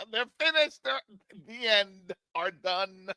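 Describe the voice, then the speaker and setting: A man from Florida hosting his own channel, talking in a casual, animated commentary monologue with jokey asides and preacher-like calls. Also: very high-pitched, slow, gravelly, clear, resonant tone, dry recording. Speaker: channel host.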